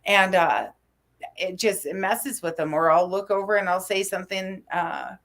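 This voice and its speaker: A woman's voice: mid-range voice, moderate pace, a bit bright. A woman in her forties from New Mexico, co-hosting a casual chat show and telling rambling, tangent-filled stories. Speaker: co-host.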